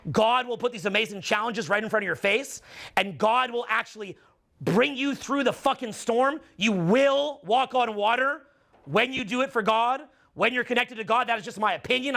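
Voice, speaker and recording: Gravelly, bright-voiced preachy man. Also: high voice. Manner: intense, preachy, swearing, slows down for emphasis. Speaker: dating and social skills coach. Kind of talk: impassioned motivational monologue.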